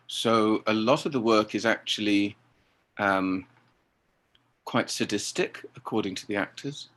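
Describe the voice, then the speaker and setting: Man, low-pitched, theatre director, measured interview talk. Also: fairly bright tone. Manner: articulate, acts out voices in quotes. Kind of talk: interview conversation.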